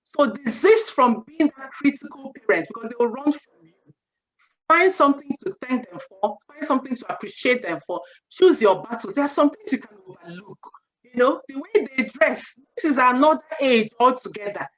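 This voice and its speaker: A woman in her forties giving an animated parenting talk at a seminar, often saying "you know" and acting out what parents and children say. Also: high voice, moderate pace. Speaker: seminar speaker. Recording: dull lo-fi sound.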